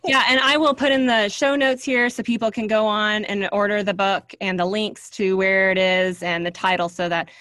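A woman's voice: medium pitch, steady tone, moderate pace, hardly any pauses, a bit bright, no room sound, studio quality. Encouraging woman podcast host. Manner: encouraging, affirming, frequent back-channel. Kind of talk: podcast interview.

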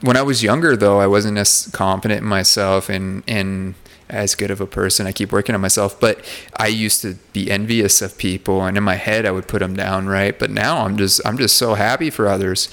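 A man's voice: on the low side, fairly even intonation, a little fast, fairly bright tone. A man in casual conversation, earnestly telling personal stories and acting out the dialogue. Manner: earnest and outgoing, acts out quoted dialogue. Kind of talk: casual chat, personal storytelling.

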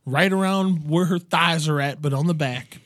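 A man's voice: fairly high pitch, normal speed, fairly bright tone, no echo, studio quality. A man in his thirties co-hosting a podcast in casual comedic chat, riffing crudely and swearing often. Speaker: podcast co-host.

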